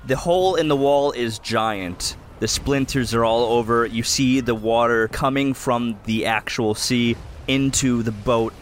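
A man's voice: medium pitch, unhurried, slight background noise. A man running a tabletop game as game master, narrating the scene in vivid detail. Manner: vivid descriptive storytelling.

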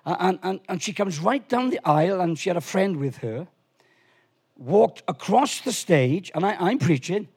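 A man preaching a lively sermon in a church, animated and swinging from quiet asides to shouts. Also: high-pitched, moderate pace, slightly rough. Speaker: pastor.

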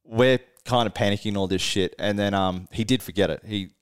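A man with a fairly low voice, co-hosting a podcast. He tells a road story in loose, animated chat. He laughs a lot and swears without a second thought. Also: brisk, clear, resonant tone. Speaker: podcast co-host, band musician.

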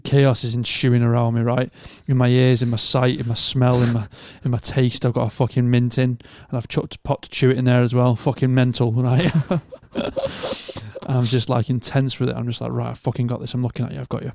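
A young adult man with a Northern English accent, co-hosting a podcast and telling sweary, animated stories in casual chat. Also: medium pitch, moderate pace, no echo. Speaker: podcast co-host.

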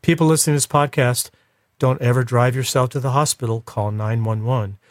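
Male podcast guest, mid pitch, emotional storyteller, dry close sound. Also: fairly even intonation, brisk, dry recording. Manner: emotional, reflective. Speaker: interview guest. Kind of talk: personal storytelling.

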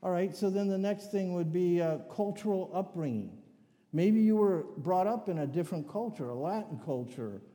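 An older male preacher delivers a sermon, leaning on family anecdotes and dry joking asides. His voice is mellow and sits a little high. The sound rings with a long hall reverb. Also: expressive, moderate pace.

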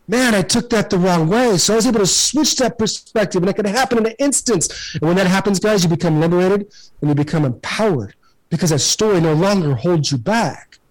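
A man's voice: high voice, brisk, poor audio. Earnest, emphatic man telling his story. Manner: earnest and emphatic, repeats words when fired up. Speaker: podcast guest, former pro baseball player. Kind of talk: emotional motivational storytelling.

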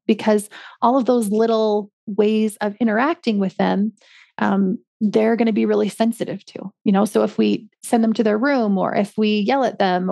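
Woman, podcast host, chatty, filler words, vocal fry, dry sound. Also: mid-range voice, darkish tone, dry recording. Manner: chatty, many ums and likes. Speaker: podcast host, parenting coach. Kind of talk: solo podcast talk.

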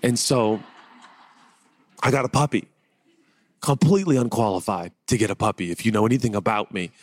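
A man preaching a conversational sermon, telling personal stories in a chatty, animated way and building to excited rhetorical questions. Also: fairly low pitch, a little fast, no echo. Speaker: pastor.

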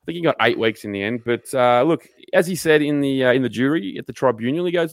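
A man's voice: mid-range voice, lively intonation, fast, no echo, studio quality. A young adult man with an Australian accent, telling workplace stories on a podcast, swearing freely and mimicking coworkers. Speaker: podcast co-host. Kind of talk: casual storytelling chat.

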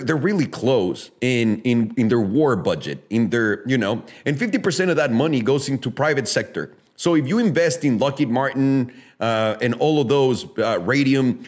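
A man talking in a loose, casual style, emphatic and profane. He makes his points with sarcastic rhetorical questions. His pitch swings widely from phrase to phrase. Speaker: podcast host. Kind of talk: casual opinionated chat.

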